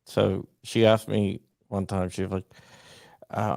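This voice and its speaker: A man hosting a casual chat, telling stories in a relaxed way. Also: on the low side, moderate pace, vocal fry, no echo, studio quality. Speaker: host.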